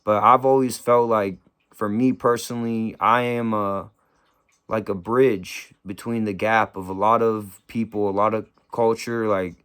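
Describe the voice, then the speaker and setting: Subdued young man, low smooth voice. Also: steady tone, fairly bright tone. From San Francisco Bay Area. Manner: slangy, subdued and grieving, halting with restarts. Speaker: vlogger telling a personal story. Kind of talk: casual storytelling to camera.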